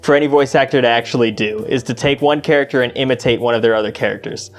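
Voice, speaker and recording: A man co-hosting a podcast in laid-back, casual chat. He leans on fillers, his pitch sits in the middle, and he swears offhandedly. Faint music runs low behind him. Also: fast. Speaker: podcast co-host.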